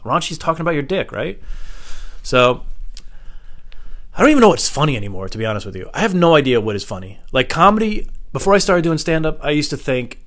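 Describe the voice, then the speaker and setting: A man's voice: a little high, big pitch swings, fast, a bit bright. A man hosting a comedy show, telling a casual, rambling and self-deprecating comic monologue.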